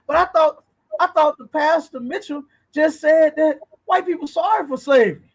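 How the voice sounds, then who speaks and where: A man with a rather high voice holds forth on a livestream, reacting to clips. He talks bluntly and preachily, curses freely, and keeps checking in with his listeners. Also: moderate pace, rough recording. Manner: blunt, preachy, swears, asks "you understand?". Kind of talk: casual commentary on a livestream.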